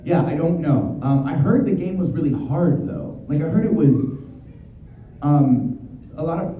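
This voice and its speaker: A man, a voice actor, answering fan questions at a convention in an excitable, energetic, chatty way. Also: fairly high pitch, moderate pace, a little hiss or hum. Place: convention hall. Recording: dull, distant, very echoey hall.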